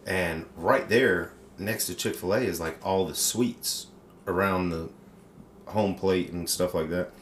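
A man's voice: low-pitched, a little slow, slight background noise. A man on a casual podcast telling a story animatedly, swearing freely and acting out the voices. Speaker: podcast co-host. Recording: roomy echo.

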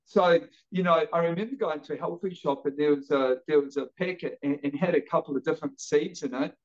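A man from New Zealand, an energetic podcast guest telling his story with lively acted-out quotes. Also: a little high, a little fast, muffled recording. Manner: energetic, acts out quoted voices. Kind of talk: animated storytelling.

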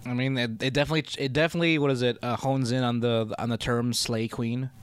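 A man's voice: medium pitch, fairly even intonation, fast talker, smooth. A man co-hosting a podcast in casual chat, laid-back and laughing, rambling with restarts. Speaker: podcast co-host.

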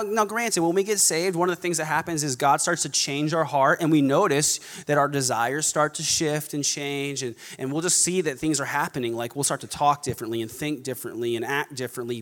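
A man preaching a sermon, animated, mocking snobby voices now and then. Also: on the high side, moderate pace, few pauses, in a large hall. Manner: animated, mocks snobby voices in quoted asides. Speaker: pastor.

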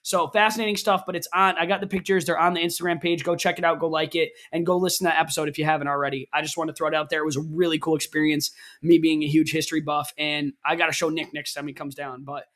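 Podcast dude, high voice, rambles and ribs his buddy, gets loud and mock-mad. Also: flat delivery, quick pace, hardly any pauses. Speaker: podcast co-host. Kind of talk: casual podcast banter.

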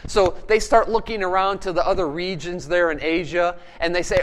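A man preaching a sermon as pastor, animated and firing rhetorical questions at his congregation. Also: sits high, fairly quick, hardly any pauses, a little hiss or hum.

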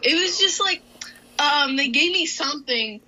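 Young woman, wrestler, giggly casual chatter, lots of fillers, very bright tone. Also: sits high, animated, unhurried, poor audio. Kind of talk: casual interview answers.

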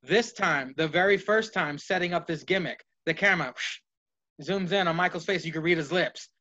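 A man co-hosts a laid-back wrestling podcast, his voice a bit high, bright and pushed at an ordinary pace. He rambles and swears through some fantasy booking, voicing what the wrestlers might say. The podcast audio sounds dull and lo-fi.

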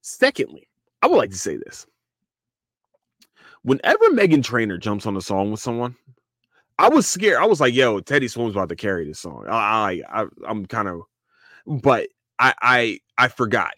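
Animated man with a dry close sound. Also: fairly low pitch, normal speed, dry recording. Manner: animated, profane, repeats and restarts a lot. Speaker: podcast host. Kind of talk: casual solo podcast rant.

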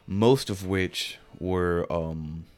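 A man's voice: sits low, drawn-out words, soft background music. A man co-hosting a casual video game podcast, rambling with lots of fillers. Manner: relaxed, rambling, frequent fillers. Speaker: podcast co-host. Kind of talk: casual chat.

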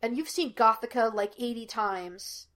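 A woman's voice: a little high, unhurried, a bit bright. A woman voicing a nervous, easily spooked male investigator who snaps when scared, in a storybook reading. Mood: dry. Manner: nervous, snappish.

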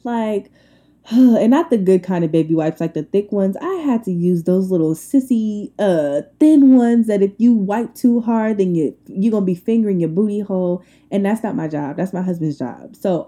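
Lively, blunt young woman ranting. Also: mid-range voice, moderate pace. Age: 20s. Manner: animated storytelling with frequent laughs and rants; colloquial and blunt. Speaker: podcast host. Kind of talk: casual solo podcast chat.

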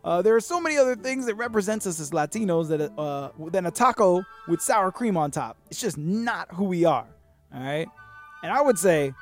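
A man's voice: high-pitched, normal speed, faint music behind. A man hosting a podcast, raised in Miami, giving sarcastic, profane comedic commentary on the news. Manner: animated, sarcastic, swears a lot. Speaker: podcast host.

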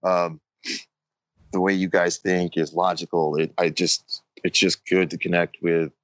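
A man appears as a podcast guest, his voice very deep and set close and dry. He tells stories casually and with animation, using plenty of slang. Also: level tone, measured pace, fairly bright tone, no room sound. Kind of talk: casual chat.

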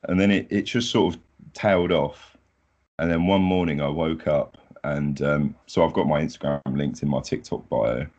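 A young man, a podcast guest chatting casually in a relaxed, modest, unhurried way. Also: extremely low pitch, highs cut off. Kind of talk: casual chat.

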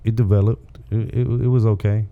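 A man's voice: fairly low pitch, level tone, normal speed, narrow, tinny audio. A man from Texas, a comedian guest, chatting casually and telling rambling stories, often adding "you know what I'm saying". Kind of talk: casual podcast chat.

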